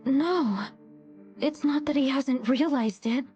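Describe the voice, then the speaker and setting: A woman voicing a calm, compassionate young queen in an anime dub, speaking gently and earnestly. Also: high-pitched, slow pace, soft background music. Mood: solemn. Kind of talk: English anime dub acting.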